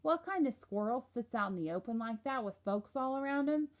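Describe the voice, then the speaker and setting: A friendly country boy, as a woman reader puts him on, chatting away in an eager drawl. His voice sits a little higher than the reader's own and comes out louder and livelier. It sounds like a storybook read aloud. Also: expressive, fairly quick, close to an everyday voice.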